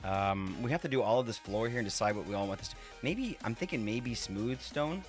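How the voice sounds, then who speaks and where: A man's voice: medium pitch, expressive, a little fast, soft background music. A man chatting casually with his live-stream viewers while he builds in a game, rambling, laughing often and swearing freely.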